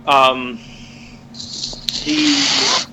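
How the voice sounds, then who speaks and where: A man narrating a tabletop game as game master, halting with many fillers and restarts. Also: very high voice, huge pitch swings, very noisy.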